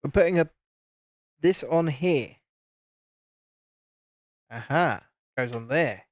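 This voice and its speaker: A man's voice: fairly high pitch, takes it slowly, no room sound. Uk guy chatting on a livestream, reads out comments, laughs a lot, lightish voice, dead dry mic. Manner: chatty, reads out viewer comments, chuckles often. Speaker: livestream host. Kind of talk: casual chat while building.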